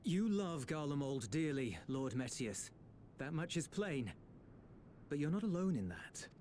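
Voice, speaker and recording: A man's voice: a little high, very animated, a little slow, darkish tone, a little hiss or hum. An actor playing an earnest, resolute young man in heartfelt video game dialogue. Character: earnest young male patriot, resolute and pleading.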